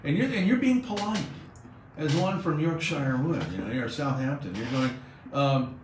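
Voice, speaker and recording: In a spacious studio, a man hosting a radio show tells a story with energy, taking on the voices of the people he quotes. His voice is slightly high and his pace moderate, with a faint hiss running beneath it.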